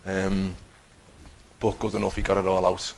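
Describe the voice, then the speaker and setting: A middle-aged man telling his personal Christian testimony in an earnest, halting way, with many restarts. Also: low-pitched, monotone, creaky, darkish tone, slight background noise, low-quality recording. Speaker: Christian teacher giving testimony.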